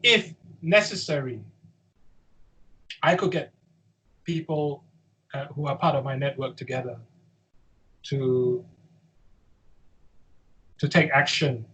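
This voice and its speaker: A man from the UK, a guest on an interview, speaking in a measured way and hedging with qualifiers and fillers. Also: mid-range voice, fairly even intonation, sharp tone, poor audio. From United Kingdom. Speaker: guest, head of a survivor support group.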